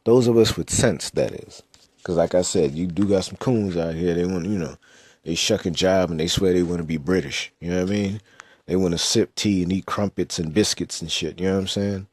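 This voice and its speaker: A man's voice: sits low, fairly quick, a little mellow, breathy edge, no echo, clean studio sound. A young man in a casual monologue as a podcast host, blunt, slangy and profane. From United States.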